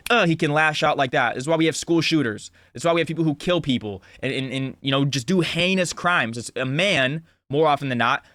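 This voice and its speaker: Young man in his twenties, earnest motivational vlogger, a touch higher than most men, dry sound. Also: fairly bright tone, no room sound. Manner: earnest, talks with lots of "like" and restarts. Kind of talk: casual motivational monologue.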